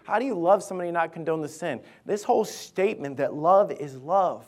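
A man's voice: a little high, lively intonation, brisk. A man, a lead pastor, preaching an impassioned sermon in a church and repeating key phrases for emphasis. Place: church sanctuary.

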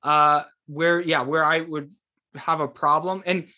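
A man's voice: a little high, flat delivery, a little slow, pushed and bright. A man, a guest author, explaining a theological argument in casual conversation, hesitant with many fillers and restarts.

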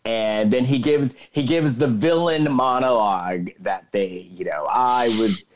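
A man on a podcast walks his co-hosts through a film's plot in an unhurried, even-keeled tone. His voice sits at a medium pitch, and the recording sounds a bit dull and lo-fi. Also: a little hiss or hum. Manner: calm, matter-of-fact storyteller. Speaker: podcast co-host. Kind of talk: casual chat, recapping a movie plot.

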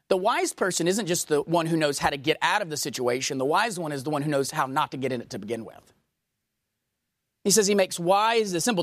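A woman preaching a sermon, emphatic and swinging from raised to hushed, asking the congregation questions. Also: deep voice, big pitch swings, a little fast, no room sound, clean studio sound.

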